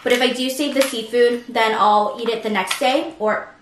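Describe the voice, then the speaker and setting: A woman with a fairly high voice hosts a mukbang at home, chatting casually between bites and laughing often, at a moderate pace with fairly even intonation. She's far from the mic, so there's roomy echo plus background noise.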